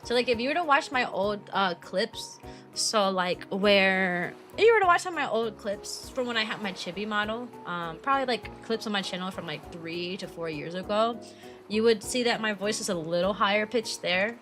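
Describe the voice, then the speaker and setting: A woman's voice: medium pitch, animated, normal speed, a bit bright, faint music behind. A young adult woman streaming as a VTuber, chatting casually with viewers, filling her talk with "like" and laughing often.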